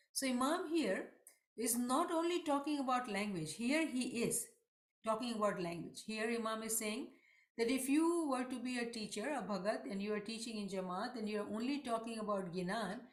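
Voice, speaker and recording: A woman's voice: on the high side, reverberant. A woman giving an online religious lesson, talking in an earnest, emphatic way and often asking rhetorical questions. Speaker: religious teacher.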